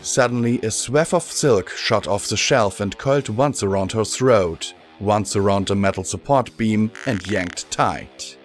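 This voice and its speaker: A man reading a fan-fiction audiobook in a measured, steady first-person narration. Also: lowish voice, soft background music. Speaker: audiobook reader.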